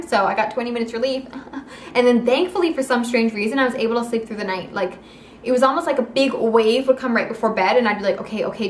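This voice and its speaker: A young woman telling a personal story in a casual vlog, animated and acting out the quoted lines of the people in it. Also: on the high side, a little hiss or hum. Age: young adult. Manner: animated, acts out quoted dialogue. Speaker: vlogger. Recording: echoey room.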